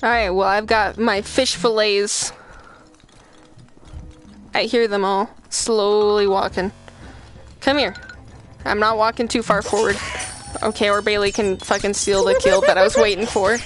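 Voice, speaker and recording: A woman's voice: mid-range voice, fairly even intonation, a little slow, pauses often, soft background music. A woman streaming a game, chatting casually with friends, laughing, swearing and trash-talking. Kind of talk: casual gaming chat.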